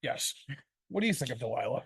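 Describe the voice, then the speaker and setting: A male podcast co-host in loud, joking, casual chat, swearing freely. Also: mid-range voice, big pitch swings, fast talker, slightly rough.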